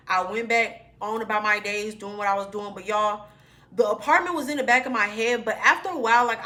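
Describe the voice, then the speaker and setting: A young woman vlogger tells a personal storytime to her viewers, chatty and informal, calling them y'all. Her mid-range voice sounds pushed and bright.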